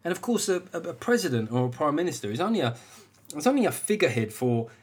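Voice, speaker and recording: A podcast host in his forties speaks quickly in a husky voice with big pitch swings. He talks bluntly and casually, swearing often and tacking on "right?" questions, his pitch jumping restlessly whenever he gets emphatic.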